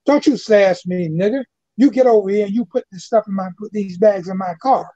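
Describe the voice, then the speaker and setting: A man's voice: high-pitched, normal speed, mellow, slightly rough, lo-fi sound, pitched above the performer's own voice. A man recalling a sneering, demanding young woman. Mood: scornful. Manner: scornful, demanding. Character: hostile young white woman shouting orders.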